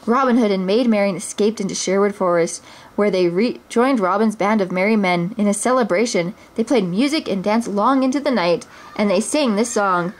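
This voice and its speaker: Woman reading a kids' story aloud, expressive, occasional stumbles, mid pitch. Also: moderate pace. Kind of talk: children's story read aloud.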